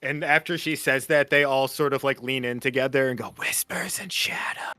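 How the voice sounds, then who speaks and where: A man running a tabletop game as game master over an online call, relaxed and halting with many fillers. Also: medium pitch, no room sound, soft background music.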